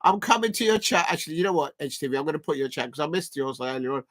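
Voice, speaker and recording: A casual stream host talks over a live football match, wandering between the game, the viewers in chat and little asides. The voice is bright and forward, and it leaps into excited shouts whenever a shot goes close. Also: mid-range voice, very fast. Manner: rambling and chatty, gives shout-outs to chat viewers; bursts into excited shouts at chances on goal.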